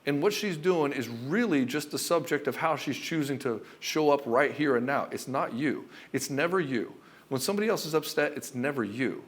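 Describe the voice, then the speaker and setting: A man coaching married men in a direct advice monologue. He is blunt and profane, repeats his points, and swings between loud punchy bursts and low, calm stretches.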